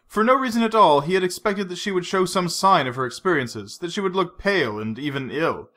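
A male narrator reads a novel aloud in a measured, steady manner. His voice is bright and forward, with a slightly tense edge. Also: high voice. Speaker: audiobook narrator. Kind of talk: scripted narration.

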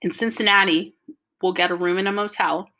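A woman reading an audiobook, voicing a mother who calmly reads out a carefully organized plan for a family road trip. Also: medium pitch, brisk, lightly acted. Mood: planning. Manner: orderly, matter-of-fact, explaining.

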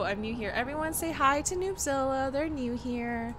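A woman's voice: sits high, moderate pace, few pauses, noisy background. A woman livestreaming a horror game, frightened and jumpy, chatting with viewers and reading prompts aloud. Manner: jumpy, nervous, talks to chat, reads tutorial prompts aloud.

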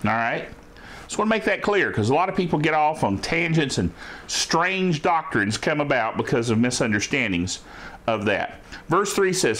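A male pastor with a fairly high voice delivers a teaching sermon. He reads scripture slowly and stresses each phrase, then checks in with the listeners with "Amen?" and "All right?". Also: big pitch swings, fairly bright tone.

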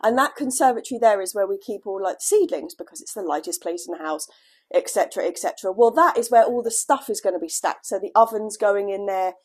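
A woman chatting casually at home on her gardening vlog, her voice lowered by a cold, laughing at herself now and then. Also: lively intonation, quick pace, breathy edge. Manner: chatty, self-deprecating, laughs often. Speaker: gardening vlogger. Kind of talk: casual chat. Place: at home indoors, at a desk.

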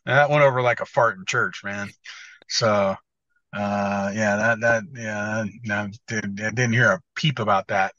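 Blunt, swearing American man, bright voice. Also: medium pitch, steady tone, moderate pace, dry recording, muffled recording. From United States. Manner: blunt, swears freely, trips over restarts. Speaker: guest motocross editor. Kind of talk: casual podcast chat.

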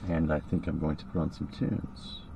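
Gravelly, very low-voiced man in a car. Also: level tone, normal speed. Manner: rambling, offhand. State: denture glue in mouth. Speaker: vlogger. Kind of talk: casual vlog narration. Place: inside a car. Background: car and tire noise.

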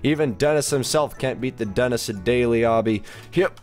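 An excitable, jokey man giving let's-play commentary on a game as its host, gasping and squealing as he plays, over faint background music. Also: medium pitch, normal speed. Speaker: gaming video host.

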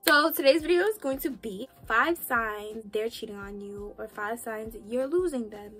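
Sassy high-voiced young woman vlogger. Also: moderate pace, faint music behind. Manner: sassy, animated, talks straight to the viewer. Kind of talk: casual relationship-advice vlog.

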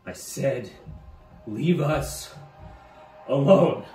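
A man's voice: medium pitch, animated, slow, dark tone, far from the mic, faint music behind, voice pushed up. A man voicing a wounded, grieving male warrior who cries out in anguish, recorded in a roomy space slightly off the mic.

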